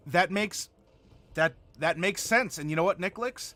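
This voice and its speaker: A man with a high, sharp-toned voice hosts a live stream at a normal speed. He chats casually and answers viewer comments while building a game character.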